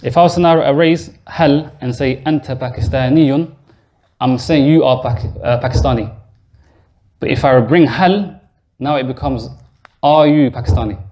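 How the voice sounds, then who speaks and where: Male teacher, mid-pitched, leads a beginners' class in a mosque classroom, explains patiently and quizzes students. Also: moderate pace, darkish tone. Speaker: Arabic teacher. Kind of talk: classroom lesson.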